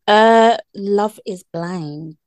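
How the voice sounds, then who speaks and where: A woman, co-hosting a podcast in casual chat, easygoing and quick to agree. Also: mid-range voice, a little mellow, no echo. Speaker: podcast co-host.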